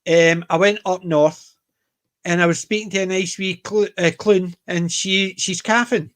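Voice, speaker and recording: A man's voice: high voice, fairly even intonation, a little slow, fairly bright tone. A Scottish man co-hosting a casual panel chat, rambling and jokey, full of anecdotes. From Scotland. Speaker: podcast co-host.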